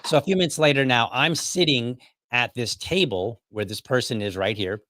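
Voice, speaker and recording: A man's voice: medium pitch, normal speed, pushed and bright, a little hiss or hum. A man hosting a podcast, telling a story casually with many restarts and asides. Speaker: podcast host.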